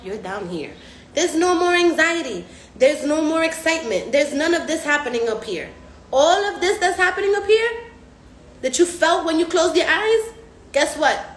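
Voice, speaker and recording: Hosting a recovery house live stream, a high-pitched woman speaks casually, using slang and plenty of profanity. Animated, she imitates her patients' voices mid-story. Her voice reverberates, and there's a bit of background noise.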